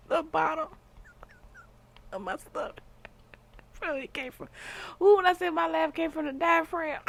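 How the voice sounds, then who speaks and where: A woman hosts a casual reaction vlog and speaks directly to her audience in a giggly, easygoing, slang-filled way. Her voice sits at an ordinary pitch but moves up and down freely, so her delivery sounds bouncy and animated. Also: normal speed. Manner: giggly, playful, slangy and chatty. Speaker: vlog host.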